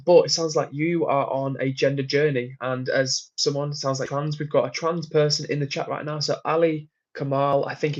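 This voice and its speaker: A man's voice: on the high side, highs cut off. Chatty man hosting a livestream. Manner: chatty, friendly, laughs often. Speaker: livestream host. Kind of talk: casual live chat reading comments. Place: hotel room on a work trip.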